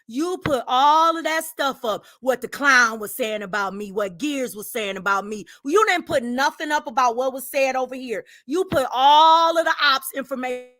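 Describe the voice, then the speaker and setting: Older woman, bright emphatic voice. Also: high voice, normal speed, few pauses. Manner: emphatic, swings between loud and hushed, sighs. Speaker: livestream host. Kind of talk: casual livestream rant.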